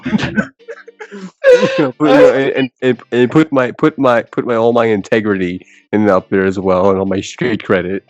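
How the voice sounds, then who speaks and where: A man's voice: mid-range voice, big pitch swings, normal speed. A young man co-hosting a casual podcast, rambling with many restarts and frequent laughs. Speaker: podcast co-host. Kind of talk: casual chat. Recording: dull lo-fi podcast audio with faint music.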